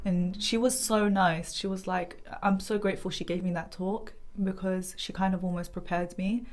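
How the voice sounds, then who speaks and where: A woman's voice: mid-range voice, little pitch movement, moderate pace. A young woman giving a personal testimony as a podcast guest, talking earnestly and rambling with many fillers.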